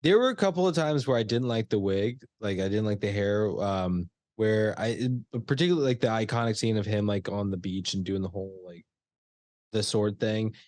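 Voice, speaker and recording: A man's voice: fairly low pitch, normal speed, a little mellow, no room sound. Stammering man, dry close sound. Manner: laughs often, stammering restarts. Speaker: podcast co-host. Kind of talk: casual movie discussion.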